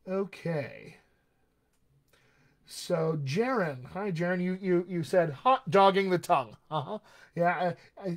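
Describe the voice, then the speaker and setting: An American man working as a dialect coach, answering viewer questions in a live online session and demonstrating sounds as he explains. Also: sits high. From United States.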